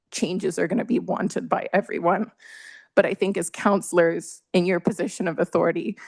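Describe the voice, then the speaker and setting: A woman's voice: medium pitch, vocal fry, breathy edge, dry recording. A woman making an earnest, emotional public comment at a council meeting, with frequent fillers. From Canada. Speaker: resident delegate at council meeting.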